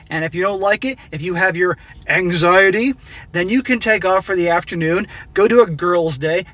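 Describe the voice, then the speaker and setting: A man's voice: high voice, a bit bright. A middle-aged man hosting a commentary channel, giving a blunt, exasperated, preachy monologue about a story he reads out. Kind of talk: opinionated monologue reacting to a read-out story.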